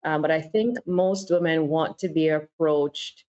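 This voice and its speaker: A woman with a very low, deep voice talks candidly on a casual podcast panel, telling stories from her own life and laughing easily. The recording is a little dull and lo-fi. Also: measured pace, dark tone. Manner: candid, storytelling, laughs often. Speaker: podcast co-host. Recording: slightly dull lo-fi sound.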